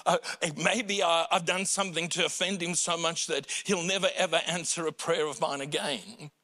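Male pastor, slow deliberate sermon delivery, fairly high voice with bright tone, earnest, swells to pleading cries. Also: fairly even intonation. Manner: earnest, rising to impassioned cries when voicing prayers; slow and deliberate, dropping low and quiet on personal points. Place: church.

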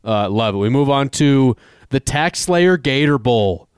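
A man chats through his college football betting picks in a loose, hedging way, dropping fillers as he thinks aloud. His voice is smooth and clear. The sound is dry and close, with no room around it. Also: mid-range voice, lively intonation, a little slow, no room sound. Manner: hedging, conversational with many fillers. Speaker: sports betting co-host. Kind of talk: casual sports betting chat.

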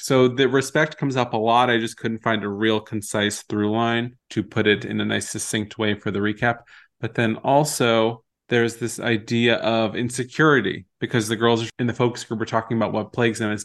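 A man's voice: on the low side, fairly even intonation, brisk. A man co-hosting a podcast, chatting casually and animatedly while recapping a TV episode and quoting its scenes. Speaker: podcast co-host.

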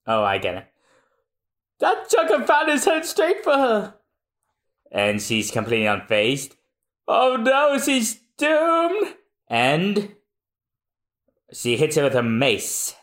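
A woman co-hosting a casual podcast, narrating a comic in an animated, playful way. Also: mid-range voice, takes it slowly, long pauses. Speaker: podcast co-host. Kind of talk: casual chat reading a comic.

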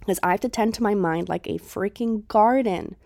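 A woman's voice: medium pitch, moderate pace, gravelly, darkish tone, no echo, clean studio sound. A young woman hosting a manifestation podcast, talking emphatically in rhetorical questions and casual swearing. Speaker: podcast host, manifestation coach. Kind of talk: motivational podcast monologue.

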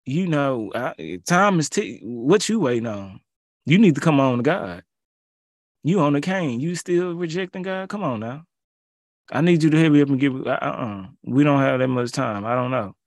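A man's voice: medium pitch, lively intonation, moderate pace, dry recording, clean studio sound. A man preaching and reading scripture aloud, pleading with listeners and mixing in casual asides. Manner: pleading, rising to emphatic peaks; informal, colloquial asides.

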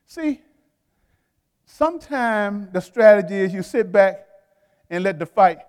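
A man's voice: high voice, lively intonation, slow pace, a little mellow, clean tone, in a large hall. A man preaching a sermon to his congregation in a folksy, conversational way, talking straight to the crowd and laughing between points. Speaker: pastor.

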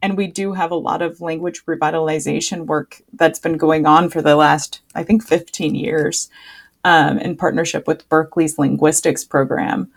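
Reflective young woman guest, low voice. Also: moderate pace, vocal fry. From United States. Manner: relaxed, reflective, with many fillers. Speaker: podcast guest, medical student. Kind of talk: casual conversation.

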